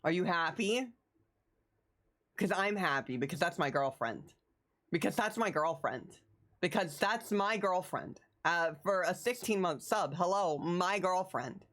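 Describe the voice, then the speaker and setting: A woman streaming live, chatting casually in an excitable, rambling way and repeating her phrases. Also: lowish voice, unhurried. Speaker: livestreamer.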